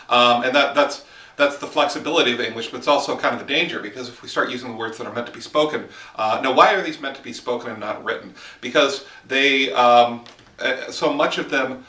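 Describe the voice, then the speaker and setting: Walking through the woods with a handheld camera, a man gives a casual, explanatory lesson on writing. His medium-pitched voice is bright and forceful, and the camera mic picks it up from a distance with noticeable reverb.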